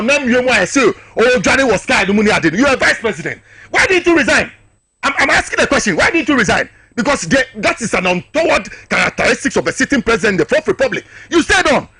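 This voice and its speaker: A man's voice: very high voice, pushed and bright, husky, dry recording. A man with a Ghanaian accent, a political guest on a talk show, arguing with passion and hammering rhetorical questions.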